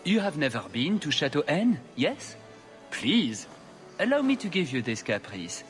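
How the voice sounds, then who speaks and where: Snooty noble lord in a game, fake-polite, swingy voice. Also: male voice, on the high side, big pitch swings, unhurried, soft background music. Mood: smug. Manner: affected, condescending. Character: smug young noble lord, affected courtesy.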